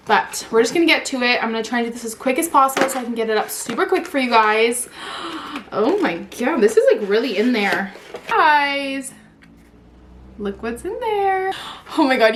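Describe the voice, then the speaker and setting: A woman in her twenties unboxing a new phone in a vlog, gushing and squealing with excitement, saying "like" and "oh my god" constantly. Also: on the high side, fairly quick, background noise. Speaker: vlogger.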